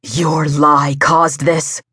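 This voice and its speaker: A furious young male werewolf, as a woman narrator puts him on hisses and sneers with barely held menace. His low, husky voice stays tight with desperation. The sound is dry and close to the mic. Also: level tone, drawn-out words, pushed and bright, no echo, exaggerated voice. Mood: sneering.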